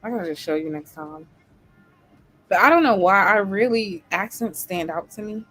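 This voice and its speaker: A woman hosting a casual chat, chatty and animated, often laughing. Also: mid-range voice, moderate pace, no echo, faint music behind. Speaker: host.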